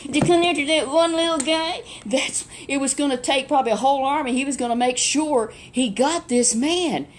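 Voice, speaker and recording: Chatty, animated woman telling a Bible story. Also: sits high, normal speed, few pauses, a little hiss or hum. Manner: chatty and animated, asks rhetorical questions.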